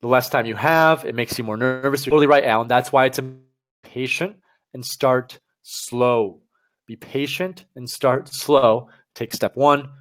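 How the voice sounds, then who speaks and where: A man teaching test preparation on a live stream, talking straight to viewers in an energetic, direct way. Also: mid-range voice, normal speed, few pauses.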